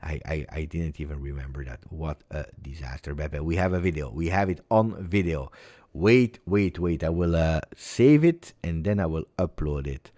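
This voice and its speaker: A man with a very low voice hosts a casual football talk show. He rambles excitedly, jumping between points and repeating words in bursts. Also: normal speed, no echo. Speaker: football channel host. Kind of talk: casual chat.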